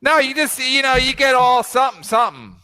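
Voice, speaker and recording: High, bright-voiced joking man. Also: expressive, brisk, slight background noise. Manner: laughing, crude joking. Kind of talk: crude banter on a stream clip.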